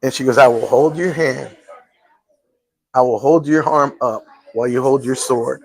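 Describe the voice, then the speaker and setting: A man's voice: mid-range voice, moderate pace, low-quality recording. A male live-show host telling a personal story in casual chat, earnest and full of restarts.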